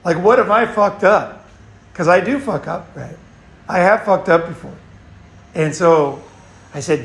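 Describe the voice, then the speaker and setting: Man, gravelly voice, fairly high pitch, blunt profane advice monologue. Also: a little slow, long pauses, echoey room. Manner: blunt, profane, repeats himself. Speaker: host.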